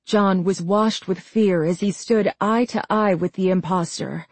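Woman reading a scary book out loud, real slow, dry close sound. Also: mid-range voice, fairly even intonation, no echo. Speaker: narrator. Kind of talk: scripted audiobook narration.

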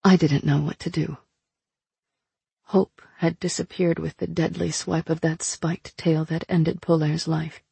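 Gravelly, husky female narrator. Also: deep voice, flat delivery, unhurried, mellow, dry recording. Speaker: audiobook narrator. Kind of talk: first-person scripted narration.

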